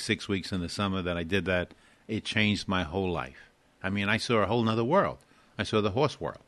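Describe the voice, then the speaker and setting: A man's voice: low-pitched, a bit bright. An older man from New York, a guest co-host on a radio show, telling stories and joking in a casual way with many fillers.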